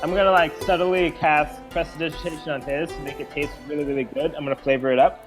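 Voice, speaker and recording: A man playing a tabletop game, talking about his moves in a relaxed, eager way. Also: fairly high pitch, fast talker, music in the background. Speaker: player. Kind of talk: casual game talk.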